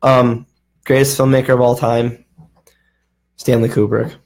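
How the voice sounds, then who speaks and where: Male host, middle pitch, casual animated storyteller. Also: measured pace. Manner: animated storyteller, acts out quotes. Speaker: podcast host. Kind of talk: casual chat.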